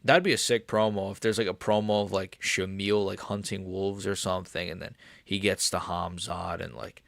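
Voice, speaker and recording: A man's voice: deep voice, little pitch movement, moderate pace, creaky, fairly bright tone, dry recording, clean studio sound. A man hosting a casual MMA livestream, answering viewers in a profane, rambling way. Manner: profane, rambling, talks straight to chat.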